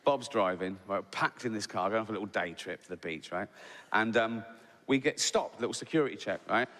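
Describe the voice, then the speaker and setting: A man's voice: on the low side, fairly quick, fairly bright tone, in a large hall. A man telling stand-up stories, conversational and tagging lines with "right?". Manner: conversational, peppers lines with "right?", laughs at own jokes. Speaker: stand-up comedian. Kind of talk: stand-up storytelling.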